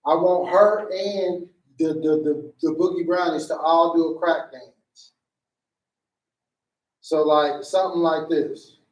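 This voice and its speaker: A man runs a play rehearsal, calling out blocking and jumping into the characters' lines with animated energy. His voice sits high for a man. He is recorded from a distance in a room that echoes around him. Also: takes it slowly, muffled recording. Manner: animated, acts out lines in a higher voice. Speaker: stage play director. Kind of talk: directing a rehearsal, giving blocking notes. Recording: echoey room, voice away from the mic.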